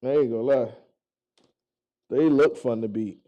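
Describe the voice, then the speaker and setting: A man's voice: medium pitch, a little slow, muffled recording. A man chatting casually to viewers, telling stories loosely with profanity and stumbling restarts, recorded on an action camera strapped to his chest. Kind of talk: casual chat.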